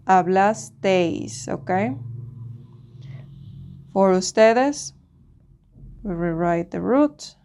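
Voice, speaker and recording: A woman's voice: medium pitch, fairly even intonation, a little slow. Patient woman teaching an online lesson. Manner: patient, explains step by step, often checks with "okay?". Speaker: Spanish teacher.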